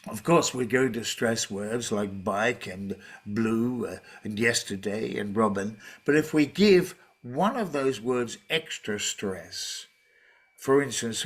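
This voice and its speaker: A man leading a teacher-training workshop, explaining in a measured way with frequent fillers and restarts. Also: medium pitch. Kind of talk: online workshop talk.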